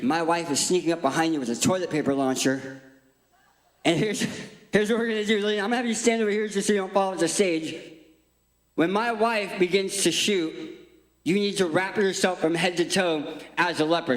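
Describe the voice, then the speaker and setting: A man preaching an interactive sermon on stage, playful and energetic as he directs a volunteer. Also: high voice, a little fast. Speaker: guest speaker. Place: large church hall. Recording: echoey church hall.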